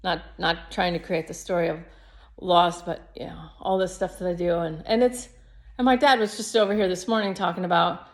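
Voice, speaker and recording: A woman's voice: on the low side, fairly even intonation, moderate pace. A woman in her fifties, a yoga teacher, rambling reflectively through a personal video diary. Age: 50s.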